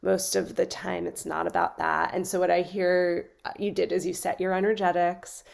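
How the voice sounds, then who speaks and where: A woman's voice: lowish voice, lively intonation, normal speed, creaky. A woman teaching on a group coaching call, earnest and reflective, often checking in with "right?". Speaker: coaching instructor.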